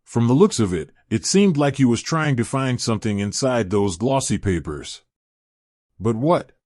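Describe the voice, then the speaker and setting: A man reading fan fiction aloud in steady scripted narration. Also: mid-range voice, normal speed, no room sound, clean studio sound.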